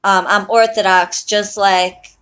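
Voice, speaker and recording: A woman's voice: mid-range voice, flat delivery, slow pace, a bit bright. A woman who practises witchcraft, talking casually and heatedly to her viewers on a livestream, full of swearing and blunt talk. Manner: chats with viewers. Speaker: online witch and spell practitioner.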